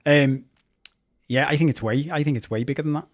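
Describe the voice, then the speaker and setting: A man's voice: a little high, a little fast. Fired-up sweary man on a podcast. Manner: impassioned, swears freely, rambling restarts. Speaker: podcast co-host. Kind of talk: casual football podcast chat.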